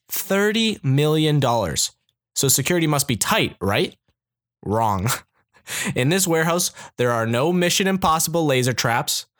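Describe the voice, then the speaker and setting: With a mid-range, fairly bright voice, a young podcast host from Canada rolls through a laid-back comedic monologue, sarcastic and quick to laugh throughout.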